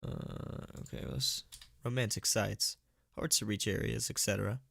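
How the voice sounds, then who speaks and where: A man with a fairly low voice reads horror stories aloud on a live stream. He keeps tripping over words and laughs at himself. His chatty, thankful asides to donors sound dry and close to the mic. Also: very animated, measured pace, gravelly, a bit bright, slightly rough, dry recording. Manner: stumbling, self-mocking, laughing at his own slips. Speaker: horror story narrator and streamer. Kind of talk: live-streamed story reading. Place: at home.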